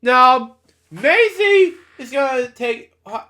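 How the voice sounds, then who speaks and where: A man's voice: very high-pitched, lively intonation, slow, bright, forceful tone. A young man reading a children's storybook aloud, stumbling over words and breaking off into rambling asides. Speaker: storybook reader. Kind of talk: casual read-aloud with asides.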